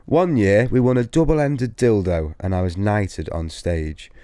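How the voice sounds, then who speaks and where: A man's voice: lowish voice, a little slow, dark tone, no room sound. A man co-hosting a podcast, reading listener stories aloud in a giggly, casual way. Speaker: podcast co-host.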